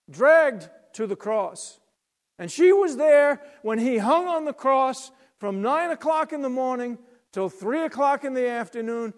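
A man preaching a sermon, retelling a scripture story dramatically, swinging from loud to hushed. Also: very high-pitched.

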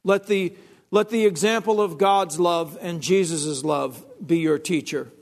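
Gravelly high-voiced male preacher. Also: a little slow, a little mellow. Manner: emphatic, repeats phrases and restarts. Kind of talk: sermon.

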